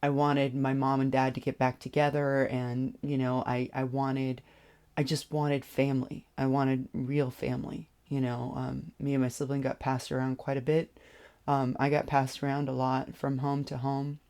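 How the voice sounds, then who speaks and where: A vlogger telling a personal story in a hesitant way, with many pauses and restarts. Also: mid-range voice, level tone, a little mellow, smooth.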